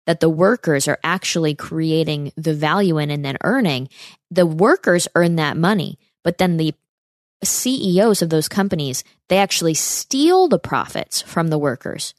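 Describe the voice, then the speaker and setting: A woman's voice: sits low, dry recording, clean studio sound. A woman hosting a political commentary podcast, speaking emphatically and throwing out sarcastic rhetorical questions. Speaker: podcast host.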